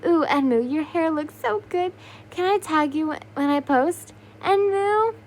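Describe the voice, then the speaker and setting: A woman's voice: sits high, animated, measured pace, a little mellow, slight background noise, pitched above the performer's own voice. A woman voicing a crowd of shrieking teenage fangirls in a listener audio story, squealing and pushy. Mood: excited.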